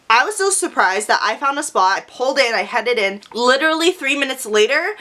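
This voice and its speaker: A young woman telling a story on her vlog in a brash, profane, animated way. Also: on the high side. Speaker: vlogger.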